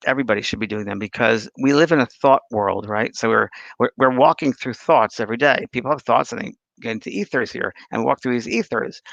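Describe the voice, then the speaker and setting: A man's voice: mid-range voice, gravelly, a bit bright, dry recording. A man hosting a casual spiritual talk show, rambling through anecdotes and viewer questions. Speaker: spiritual medium and host. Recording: dull lo-fi dry sound.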